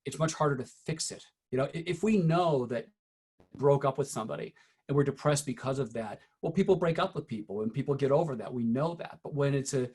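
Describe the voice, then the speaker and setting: A middle-aged man giving a teacher-training talk, telling true stories from his classroom in an earnest, halting way with frequent restarts. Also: medium pitch, breathy edge. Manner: earnest storytelling, frequent "uh" and restarts, quiet when recounting.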